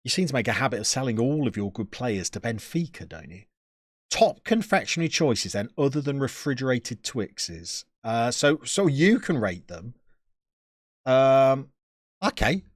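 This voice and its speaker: A man's voice: mid-range voice, sing-song, normal speed, no echo, studio quality. A man, chatting casually as a streamer and answering his live chat with joking, opinionated banter.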